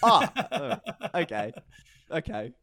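A man's voice: fairly high pitch, big pitch swings, slow, a crowd in the background. An Australian man hosting a podcast interview, chatting casually and jokingly, slipping into playful role-play. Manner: jokey, rambling, drops into playful role-play. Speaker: podcast host.

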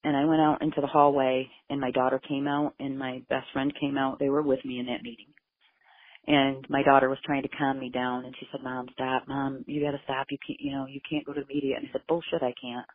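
Mom retelling a hard story with lots of quotes, husky, dry and narrow like a phone call. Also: female voice, rumbling low, flat delivery, fairly quick, no echo. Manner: emotional, intense retelling with quoted dialogue. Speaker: mother of a missing person. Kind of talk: telling her story in an interview.

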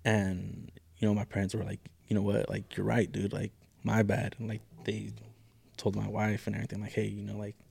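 Low gravelly dude, laid-back podcast talk, lots of slang. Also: male voice, completely flat delivery, brisk, a little mellow. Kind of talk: casual podcast chat.

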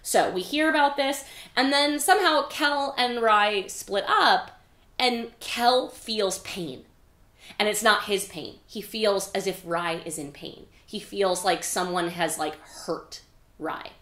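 A woman's voice: mid-range voice, slow pace, fairly bright tone. A woman hosting a podcast, recapping a book in a chatty, casual way with frequent "like" and some swearing. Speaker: podcast host. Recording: echoey room.

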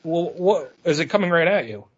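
A man hosts a podcast in crude, teasing casual chat, his speech thick with swearing. His voice sits a bit high and sounds husky, and the audio is muffled and lo-fi. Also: animated, brisk. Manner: profane, teasing, rambling. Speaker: podcast host.

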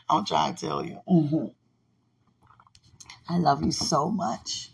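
A woman's voice: deep voice, lively intonation, slow pace, gravelly, long pauses, husky. A woman hosting a podcast, mixing casual prayer with playful, teasing banter and frequent laughter. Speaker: podcast host.

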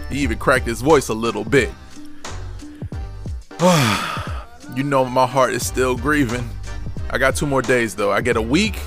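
A man's voice: medium pitch, a bit bright. A man hosting a casual podcast chat, upbeat and joking, with faint music underneath. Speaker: podcast host.

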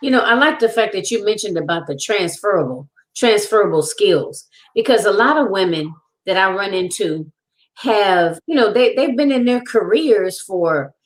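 A woman's voice: medium pitch, animated, moderate pace. A woman hosting an interview, affirming her guest with frequent murmurs of agreement. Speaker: show host. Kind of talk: casual interview talk.

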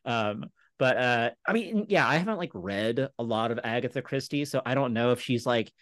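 A man in his thirties from Texas, co-hosting a podcast in casual chat, rambling and animated with many restarts. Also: medium pitch, normal speed, dry recording. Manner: rambling, animated, lots of filler words and restarts. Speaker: podcast co-host.

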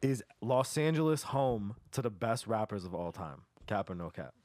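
A man hosting a casual chat, reading out game prompts and dropping quick agreements. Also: lowish voice, animated, a little mellow. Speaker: host.

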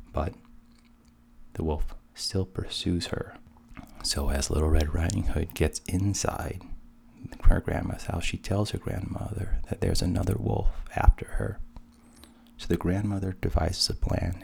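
A man casually retelling a fairy tale in a relaxed, conversational way, with asides. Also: low voice, gravelly, a little hiss or hum. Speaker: storyteller.

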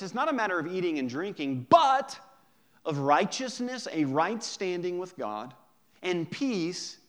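A man pastor preaching a sermon in a conversational, joking way, drawing out key words slowly for emphasis. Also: sits high, fairly bright tone.

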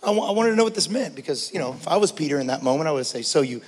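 A man preaching a sermon as pastor, passionate, swinging between hushed talk and shouting. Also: on the high side, lively intonation, rapid-fire, husky, big-room sound. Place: church.

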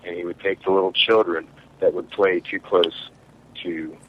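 Brief: lower-voiced Midwestern guy, hesitant, dull lo-fi recording. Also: steady tone, a little hiss or hum. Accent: Midwestern American. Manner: halting, hesitant, full of restarts. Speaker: podcast co-host. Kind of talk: casual storytelling among friends. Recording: dull lo-fi sound.

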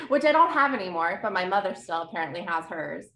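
A woman's voice: fairly low pitch, big pitch swings, a little fast, pushed and bright. A woman in her thirties, a podcast guest, chatting in a rambling way and laughing easily. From New Jersey. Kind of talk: casual chat. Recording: echoey room.

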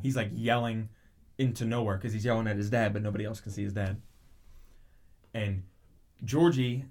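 A man in casual chat, animatedly retelling a show's plot with lots of restarts and tangents. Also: lowish voice. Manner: rambling, animated storytelling with frequent restarts.

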